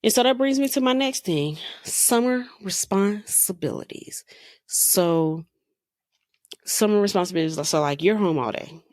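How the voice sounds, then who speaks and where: A woman's voice: mid-range voice, lively intonation, a little slow, a little mellow, dry recording, studio quality. A woman in her thirties hosting a podcast, telling stories in a casual, exasperated way and firing off rhetorical questions. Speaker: podcast host. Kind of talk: casual monologue.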